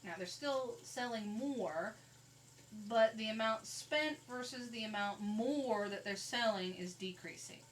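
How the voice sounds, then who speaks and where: A woman's voice: a little high, a little slow, recorded from a distance, poor audio. A woman teaches a math lesson, talking plainly through each calculator step. Her voice sits a little back from the microphone, with a faint hiss underneath. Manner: conversational, walks through calculator steps. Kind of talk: recorded classroom lecture. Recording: faint noise, voice a bit off-mic.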